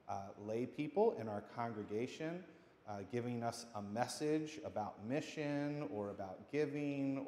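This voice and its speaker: A man's voice: medium pitch, a little mellow. A man, a pastor, giving a playful children's message in a church sanctuary, speaking simply and encouragingly. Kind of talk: children's message during worship. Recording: echoey hall with long reverb.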